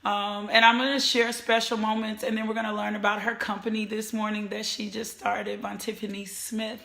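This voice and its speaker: A woman's voice: medium pitch, flat delivery, moderate pace, creaky, a bit bright, reverberant. A woman hosting a casual live-streamed talk show, effusively greeting viewers by name. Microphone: webcam or phone camera.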